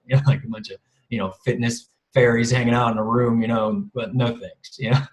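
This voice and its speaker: A man's voice: mid-range voice, quick pace. Rambling, chuckling man on a roomy call. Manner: rambling, chuckling often, swears casually. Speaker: guest speaker. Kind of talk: casual storytelling. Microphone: video call. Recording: roomy video call audio.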